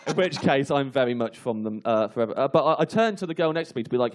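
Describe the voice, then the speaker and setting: A male comedian telling an animated anecdote to a live audience on a comedy panel show, laughing through it. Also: medium pitch, fast. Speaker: comedian guest.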